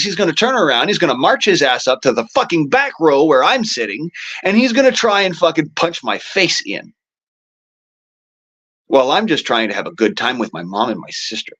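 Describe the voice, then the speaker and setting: A man's voice: a little high, fairly bright tone, muffled recording. A man ranting casually and profanely to his audience, exasperated and often laughing at himself. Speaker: show host.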